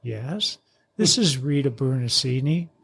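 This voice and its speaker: A man putting on a fire chief's wife who speaks low, quiet and firm. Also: animated, a little slow, gravelly, breathy edge, full character voice.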